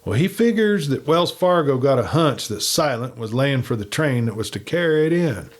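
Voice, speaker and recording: A man's voice: medium pitch, lively intonation, normal speed, voice pushed up, close to an everyday voice. A man voicing a cocky outlaw messenger in folksy, ungrammatical frontier talk. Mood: reporting.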